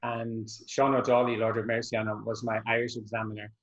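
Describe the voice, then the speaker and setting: A man's voice: lowish voice, flat delivery, brisk, highs cut off. A man, an Irish dance teacher, chatting in an interview and telling anecdotes over a video call. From Scotland. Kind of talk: casual interview chat.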